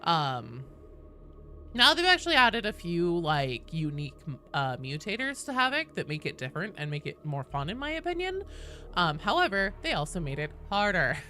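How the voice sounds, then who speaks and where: A woman streamer chatting casually with her viewers while gaming. She swears freely and greets people in a high sing-song. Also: sing-song, normal speed, sharp tone, slight background noise. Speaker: game streamer.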